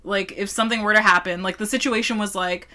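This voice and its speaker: A woman's voice: medium pitch, fairly even intonation, quick pace, sharp tone. A young woman co-hosting a casual beer-tasting chat, telling stories with laughs and swearing. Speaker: podcast co-host.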